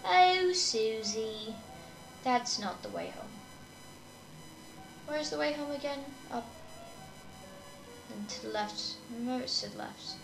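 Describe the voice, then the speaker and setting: A woman's voice: on the high side, measured pace, vocal fry, pauses often. A woman casually talking through a video game, hesitant and trailing off as she reads along. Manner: hesitant and mumbling, trailing off with "I guess". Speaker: gamer. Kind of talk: casual let's-play commentary. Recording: echoey room with game music.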